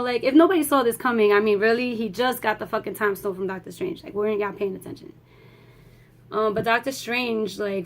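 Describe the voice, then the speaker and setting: A young woman giving a rambling, excitable movie review, swearing freely and talking in a casual way. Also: medium pitch.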